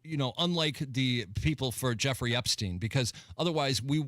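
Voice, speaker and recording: A man's voice: medium pitch, moderate pace, fairly bright tone, no room sound. A man guest co-hosting a radio talk show, telling anecdotes in casual chat and laughing between lines. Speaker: guest co-host. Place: radio studio.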